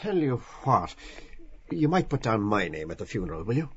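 An actor playing a chatty middle-aged man who talks fast and a bit pushily. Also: fairly low pitch, big pitch swings, a little hiss or hum. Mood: eager chat. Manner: quick, eager, slightly pushy small talk. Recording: dull lo-fi radio drama recording.

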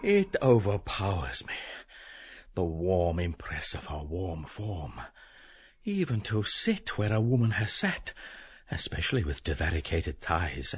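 An abject man confessing with fervour. The voice is husky and swings widely in pitch, and the recording sounds dull and lo-fi. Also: heavily acted. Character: abject, guilt-ridden middle-aged man confessing.

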